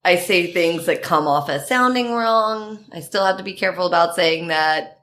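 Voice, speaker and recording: A woman guest telling personal stories in casual chat, animated and laughing often. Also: moderate pace. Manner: animated, laughing often, quoting herself in higher voices. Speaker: podcast guest.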